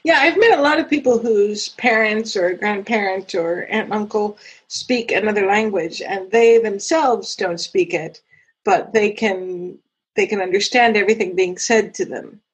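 A woman's voice: medium pitch, normal speed, slightly rough, poor audio. A woman hosting a casual interview, asking short follow-up questions. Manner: asks brief follow-up questions.

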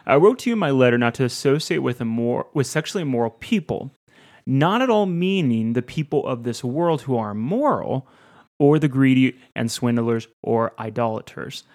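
A man's voice: mid-range voice, expressive, normal speed, darkish tone. A man co-hosting a Bible discussion, reading the passage aloud steadily and adding short reactions. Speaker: co-host reading scripture. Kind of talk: reading scripture aloud and chatting.

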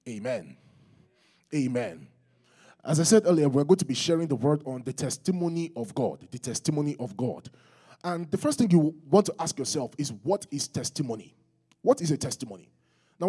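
A male pastor with a Nigerian accent preaching a sermon and calling on the congregation to respond aloud. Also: breathy edge. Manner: rises higher and louder when teaching.

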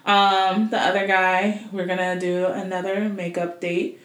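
A woman's voice: fairly low pitch, flat delivery, measured pace, fairly bright tone. A woman co-hosting a casual chat, telling stories in a slangy, laughing manner. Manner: chatty storyteller, frequent laughter, slangy. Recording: roomy echoey room.

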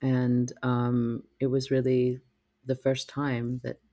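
Reflective man with a gravelly voice. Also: mid-range voice, monotone, dark tone. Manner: reflective, halting, many fillers and restarts. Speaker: storyteller. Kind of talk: personal storytelling talk.

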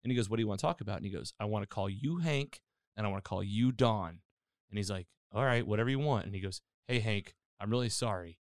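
In clean, echo-free studio sound, a man with a low-leaning voice talks fast as he retells a TV episode for his podcast. His casual storytelling is animated, packed with fillers and quotes he acts out.

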